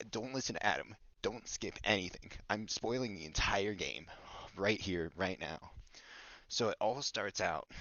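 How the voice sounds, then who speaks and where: A low-voiced man rambles through a silly story recap in a casual podcast chat, goofy and mock-bossy. The recording is dull, lo-fi and dry, with no room sound. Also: pushed and bright, no room sound. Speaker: podcast host.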